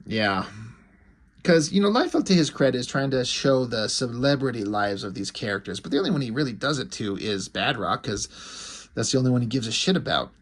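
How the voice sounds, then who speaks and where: A man's voice: medium pitch, animated, fairly quick. A man casually reviewing a comic book, sarcastic and swearing freely. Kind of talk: casual profane commentary.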